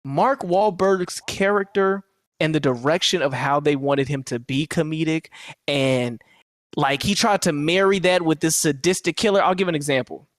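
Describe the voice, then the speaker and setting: A man's voice: a little high, moderate pace, no room sound, clean studio sound. A man co-hosting a movie podcast, ranting casually and acting out quotes in voices. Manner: animated, profane, acts out quotes in voices. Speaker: podcast co-host. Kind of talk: casual movie review chat.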